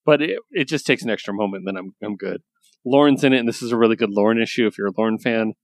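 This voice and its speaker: A man's voice: lowish voice, very fast, no room sound. A man co-hosting a comics podcast in casual chat, loose and rambling, enthusiastic and swearing casually. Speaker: podcast co-host reviewing comics.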